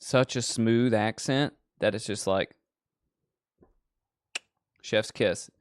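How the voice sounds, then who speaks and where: A man's voice: fairly low pitch, slow pace, clear, resonant tone, no echo, clean studio sound. Rambling, foul-mouthed male horror show host. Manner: profane, digressive, animated storyteller. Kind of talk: casual rambling chat.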